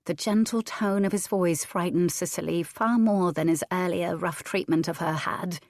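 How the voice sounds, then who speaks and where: This is scripted narration of a historical romance audiobook by a woman with a fairly low pitch, delivered evenly and with measure. The studio sound is clean and dry.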